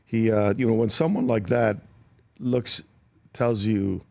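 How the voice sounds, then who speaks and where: Gravelly low-voiced man telling stories. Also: a little slow, dry recording. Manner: animated anecdotes with acted-out quotes. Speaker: actor guest. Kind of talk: studio interview chat, storytelling. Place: radio show studio.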